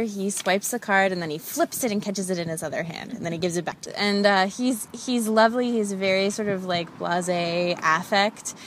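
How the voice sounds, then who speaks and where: A woman's voice: on the low side, slight background noise. A young woman telling a funny personal story in a chatty, self-deprecating way, full of "like" fillers. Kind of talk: casual comic storytelling.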